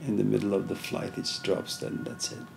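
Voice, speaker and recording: Gravelly-voiced man giving a casual lecture. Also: on the low side, monotone, fast talker, a little mellow, a little hiss or hum. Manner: conversational, frequent "you know", storytelling asides. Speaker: philosophy lecturer. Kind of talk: informal philosophy lecture.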